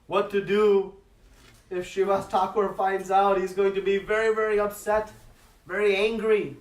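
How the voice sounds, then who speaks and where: A man's voice: sits high, level tone, a little slow, echoey room, far from the mic, low-quality recording. A man quoting a distraught, devoted mother while telling a sacred story in a sermon, in his own voice.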